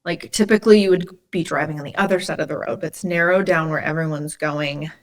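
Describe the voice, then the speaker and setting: Chatty woman podcast host, slightly low. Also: fairly even intonation, fast talker. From Indiana, USA. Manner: chatty, lots of "like" fillers. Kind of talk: casual storytelling chat.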